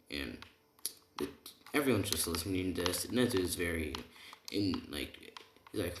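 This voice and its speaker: A man's voice: deep voice, measured pace. A man casually telling a made-up fan story, rambling and retelling the dialogue with lots of "he's like" and "right?". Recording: echoey room with keyboard typing noise.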